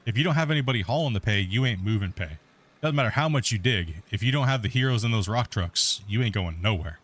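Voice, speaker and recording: Fast and animated, with a fairly low pitch, this middle-aged let's play host rambles easily through his multiplayer stream. His casual commentary on the game is full of false starts.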